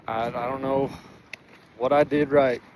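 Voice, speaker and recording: Outdoors in sun and breeze, a man vlogs candidly about his recovery, heartfelt and emotional, swearing freely and using lots of fillers. His mid-range voice is steady and measured, with background noise in the recording.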